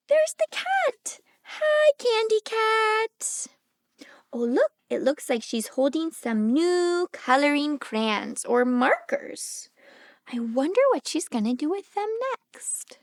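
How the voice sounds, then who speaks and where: A woman speech therapist reading a picture book aloud to small children, gently animated and asking them questions as she goes. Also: high voice, slow pace, dry recording, clean studio sound.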